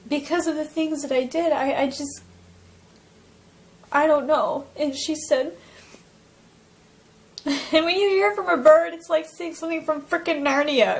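A woman's voice: high voice, poor audio. Emotional young woman telling her story. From Alaska, US. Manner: emotional, halting, many fillers and restarts. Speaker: near-death experience witness. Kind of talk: personal testimony, casual storytelling.

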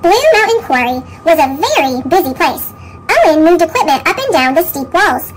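Woman storybook reader, chipmunk effect, lively, noisy track. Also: moderate pace. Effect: sped-up chipmunk pitch effect. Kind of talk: reading picture books aloud. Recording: noisy sped-up recording.

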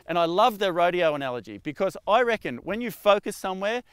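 A man's voice: sits high, sing-song, fast, a bit bright, clear, resonant tone, no room sound, clean studio sound. A man with an Australian accent giving an upbeat motivational talk to camera outdoors by the beach. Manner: upbeat, repetitive, coaching questions. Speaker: motivational vlogger, real estate agent.

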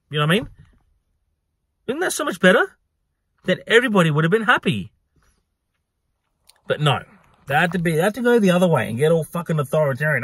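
Man, husky, fairly high voice, dry close sound, animated storytelling rant. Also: brisk, pauses often, no echo. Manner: animated, acts out exchanges with swearing. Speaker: venue staff worker telling a story.

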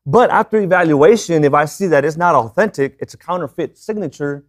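A man's voice: fairly high pitch, a little fast. Man preaching in a conversational tone. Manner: conversational, checks in with "right?". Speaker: pastor. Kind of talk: sermon.

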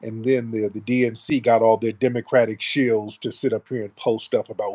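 A man's voice: medium pitch, normal speed, hardly any pauses, darkish tone. A man hosting a casual live stream, talking bluntly and sarcastically about the news. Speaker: host.

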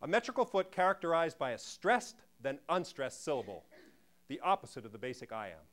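Deadpan theatrical man lecturing on stage. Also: fairly quick. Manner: deadpan, theatrical, swings from booming declamation to hushed murmurs. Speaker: solo stage performer playing a lecturer. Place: theatre stage before a live audience.

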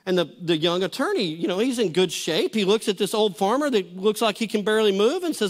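A man's voice: high voice, expressive, quick pace. A middle-aged pastor preaching a sermon to a church audience, folksy and storytelling, often restarting his phrases.

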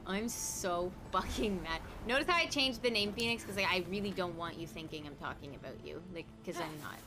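A young woman gaming streamer with a fairly low voice talks quickly, barely pausing, as she gives casual, frustrated commentary on her gameplay. She swears and addresses her chat while game music plays in the background.

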